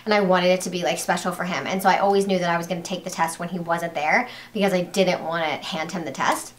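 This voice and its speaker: A young woman talks straight to her viewers in a casual vlog. She tells the story in a loose, rambling way, full of "like" and false starts, and her voice jumps up with excitement. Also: on the low side, quick pace. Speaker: vlogger.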